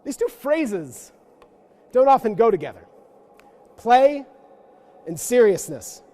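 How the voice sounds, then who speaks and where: A man's voice: high-pitched, very animated, moderate pace, dark tone. A man giving an interactive lecture to a church audience, playful and self-mocking, with joking asides. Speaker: guest lecturer. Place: church forum room.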